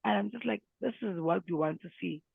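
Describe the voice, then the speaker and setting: A man with a high-sitting voice, marked by vocal fry and a breathy edge, co-hosts a music podcast in casual chat. He's animated, fast and enthusiastic, and the recording has a tinny, phone-like sound with no echo.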